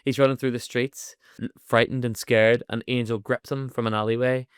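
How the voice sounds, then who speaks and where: A man co-hosting a podcast, recapping an episode in an animated, sweary chat and laughing often. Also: medium pitch, moderate pace, clean tone, dry recording, clean studio sound. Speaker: podcast co-host.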